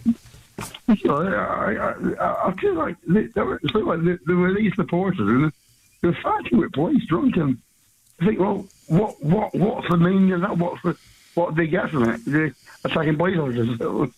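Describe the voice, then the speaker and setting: A man calling a radio phone-in, speaking haltingly and stumbling over his words. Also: high-pitched, very animated, vocal fry, highs cut off, a little hiss or hum. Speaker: caller.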